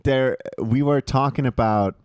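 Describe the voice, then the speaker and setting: Male podcast co-host, mid-pitched, profane and animated, close dry studio sound. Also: measured pace, clean tone, no echo. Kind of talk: casual comedy podcast chat. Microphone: studio podcast mic.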